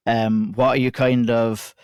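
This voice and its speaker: An Irish man hosts a podcast interview, his voice mid-pitched and recorded close and dry. He asks measured, complimentary questions. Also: flat delivery, a little mellow, smooth, dry recording. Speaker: podcast host.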